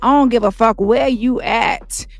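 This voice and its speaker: A woman's voice: on the high side, measured pace, no room sound, faint music behind. Brash ranting woman, mocking and profane, dry close mic. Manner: brash, mocking, repetitive, heavy cursing. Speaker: commentary channel host.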